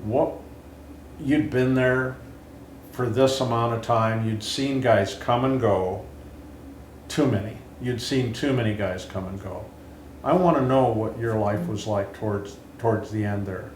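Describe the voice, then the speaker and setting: A man in his seventies, hosting an interview and telling his own story in an earnest, halting way with frequent restarts. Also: lowish voice, darkish tone. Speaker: interview host and Vietnam veteran. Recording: roomy with faint hiss.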